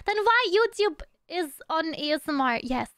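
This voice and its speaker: A woman's voice: extremely high pitch, sing-song, moderate pace, a bit bright, dry recording. A woman streamer chatting casually and playfully with her audience, humming little tunes between thoughts and teasing her chat.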